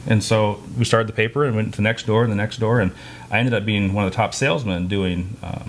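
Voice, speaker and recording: A man's voice: fairly low pitch, steady tone, slight background noise. A man co-hosting a podcast, chatting casually and telling stories from his working life. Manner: storytelling, quick and chatty. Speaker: podcast co-host, massage therapist. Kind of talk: casual chat.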